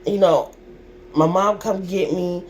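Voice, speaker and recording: Lower-voiced woman telling an emotional story. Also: steady tone, slow pace, a little mellow, a little hiss or hum. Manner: emotional, repetitive, colloquial and direct to viewers. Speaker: vlogger.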